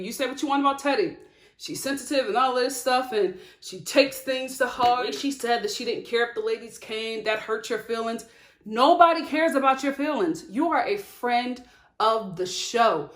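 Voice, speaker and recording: A woman giving an outspoken, animated recap of a reality TV show to camera, laughing often as she talks. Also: on the high side. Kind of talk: sassy recap commentary to camera. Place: home studio with lights. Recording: echoey room.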